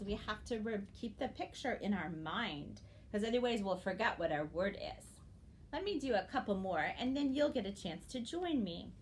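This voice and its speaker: A woman's voice: on the high side, a little hiss or hum. A woman teacher leading an early-grade phonics lesson, speaking to young students in an encouraging way and drawing out the words she models. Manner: slow, drawn-out modeling of words.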